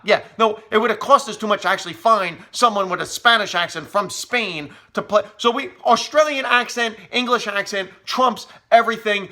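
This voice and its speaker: A man's voice: high-pitched, normal speed, hardly any pauses. A middle-aged man delivering a sarcastic, humorous rant, often mocking people in quoted asides. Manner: sarcastic, animated, mock quotes. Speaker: commentator.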